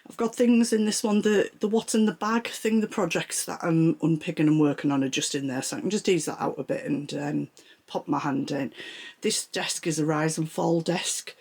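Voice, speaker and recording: A woman's voice: sits low, darkish tone, husky. A woman giving a chatty tour of her home sewing room, a little out of breath as she walks the camera round. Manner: chatty, rambling, shows things as she talks. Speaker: sewing vlogger. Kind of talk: casual room-tour chat.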